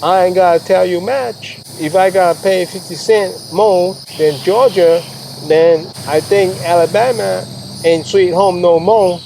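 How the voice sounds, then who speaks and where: A man's voice: high voice, a little slow, vocal fry, a little mellow, voice pushed up, rough recording. A man putting on a folksy, drawling American Southern man, in a playful mock voice, recorded outdoors at a campground. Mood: mock-grumbling. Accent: put-on American Southern. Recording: outdoor camera audio with insect noise.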